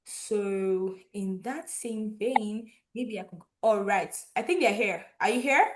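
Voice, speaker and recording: A young woman from Nigeria hosting an online graduation, chatty and lively, laughing often. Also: mid-range voice, takes it slowly. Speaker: event host.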